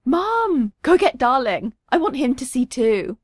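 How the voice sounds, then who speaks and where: A woman voicing a gleeful little girl of four and a half, high and excited, in a storybook reading. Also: unhurried, husky, no echo, clean studio sound, heavily acted. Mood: giddy.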